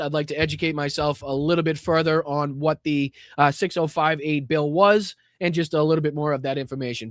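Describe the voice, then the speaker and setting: Profane Boston-accented stream host. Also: male voice, on the high side, no room sound, studio quality. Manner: blunt and profane, thanks chatters by name, many fillers and restarts. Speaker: live-stream host reading viewer donations. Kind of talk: casual live-stream commentary.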